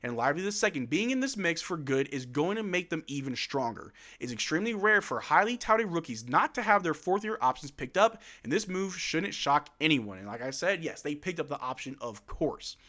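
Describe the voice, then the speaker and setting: A man hosting a sports news channel, giving casual, excitable fan commentary on his team's latest reports. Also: on the high side, a little fast, few pauses.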